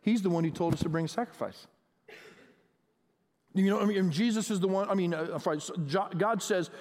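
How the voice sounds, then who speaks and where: A man's voice: sits high, normal speed. A male pastor preaching a sermon in a conversational style, asking his listeners questions and building in intensity. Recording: long reverb of a large hall.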